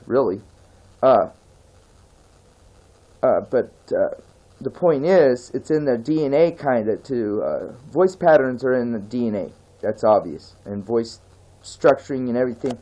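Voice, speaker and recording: A man's voice: medium pitch, a little slow, warm tone, lo-fi sound. A man from the United States, raised in California and Tennessee, giving a meandering monologue full of fillers and "okay?" checks. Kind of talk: rambling monologue.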